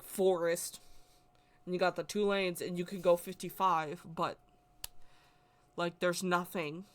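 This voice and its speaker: Woman rambling through a story, kinda low voice, repeats herself a lot. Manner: emotional, rambling, repeats words. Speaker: spiritual vlogger. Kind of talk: casual personal storytelling.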